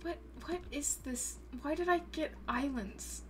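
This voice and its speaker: A young woman livestreaming a game in casual chat, excitable and prone to gasping and squealing at what she finds. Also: high-pitched, a little slow, slight background noise. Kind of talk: casual gaming stream chat.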